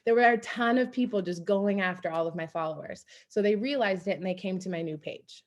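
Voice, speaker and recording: A young adult woman speaking on a team coaching call, telling her story in an energetic, animated way. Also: mid-range voice, a little fast. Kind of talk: motivational team call talk.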